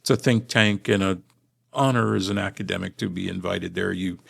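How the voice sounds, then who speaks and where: Gravelly low-voiced man telling a story. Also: fairly even intonation, a bit bright. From Los Angeles, USA. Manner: measured, articulate academic delivery. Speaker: guest linguistics professor. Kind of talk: podcast interview storytelling.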